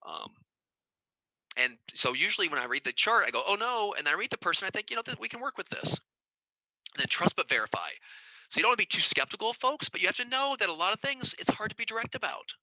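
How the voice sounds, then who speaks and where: A middle-aged man lecturing as a child psychiatrist, talking quickly with a lively, swooping pitch. His voice is bright and forceful, recorded dry and close. He slips into quoted voices as he goes. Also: no echo, lo-fi sound. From United States. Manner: conversational, acts out quoted voices with big pitch jumps. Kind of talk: informal lecture.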